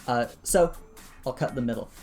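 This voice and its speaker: Laid back guy running a tabletop game, lots of uhs, mid pitch, faint music under it. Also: normal speed. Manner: relaxed, lots of "uh" fillers, chuckles. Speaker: game master.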